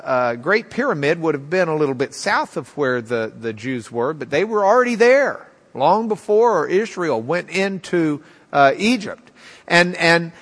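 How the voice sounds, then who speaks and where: In his fifties, a man teaches a Bible class to a live audience in a bright, clear, fairly high voice. His storytelling lecture is loose and conversational, full of ums and restarts, and a long reverb from the large room trails after each phrase.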